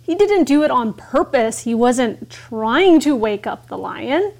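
A woman co-hosting an English lesson, high-voiced and unhurried. She reads a story aloud and explains each new word in simple terms. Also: expressive, gravelly, a little mellow.

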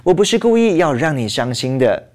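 A man's voice: a little high, very animated, fairly quick, darkish tone. A man teaching English grammar, explaining a phrase and walking through example sentences. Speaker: language teacher.

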